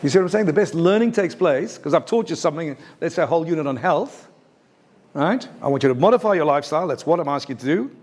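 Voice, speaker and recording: Guy giving a teacher workshop, upbeat and punchy, throws questions at the room, bit of a higher voice. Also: quick pace. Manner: lively, emphatic, asks the audience questions. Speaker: teacher trainer. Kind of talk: workshop presentation. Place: university lecture room.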